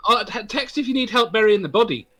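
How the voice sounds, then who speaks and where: A man's voice: very high-pitched, animated, fast, pushed and bright, faint music behind. A man chatting casually on an online hangout, giggly and teasing.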